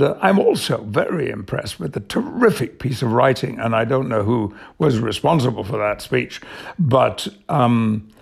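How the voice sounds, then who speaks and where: An older Englishman speaks in a measured, reflective way as a radio interview guest. His voice is deeply gravelly and husky. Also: darkish tone. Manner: measured, thoughtful, reflective storytelling. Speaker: actor guest.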